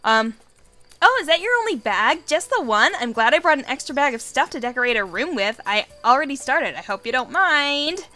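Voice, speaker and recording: A woman voicing a chatty, bubbly teenage girl roommate in a dating game, talking fast. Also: sits high, very animated, bright, forceful tone, full character voice. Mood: eager.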